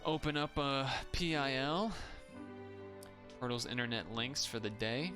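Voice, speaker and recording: A man's voice: medium pitch, unhurried, over music. A man streaming live, chatting casually and reacting aloud to what he watches.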